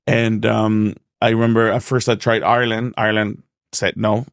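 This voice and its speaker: A Mexican man with a Mexican accent, a stand-up comedian guest telling animated stories in a casual podcast interview, acting out dialogue and swearing freely. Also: fairly low pitch, moderate pace, gravelly, dry recording, clean studio sound. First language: Spanish.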